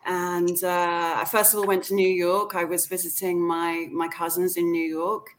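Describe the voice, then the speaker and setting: A British woman with a somewhat low voice talks casually as an interview guest. She chats freely, often stopping to restart a sentence and filling pauses with "like" and "um". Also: level tone. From England. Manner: chatty, many "like" and "um" fillers, frequent restarts. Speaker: actor and acting coach, guest.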